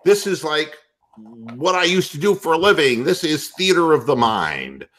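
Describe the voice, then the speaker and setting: A man with a high, lively voice rants about football in a loud, profane, comedic way. His tone is bright and cutting, and he swings up and down in pitch as he works himself up. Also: a little slow. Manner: loud, profane, animated ranting. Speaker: podcast host. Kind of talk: ranting comedic sports talk.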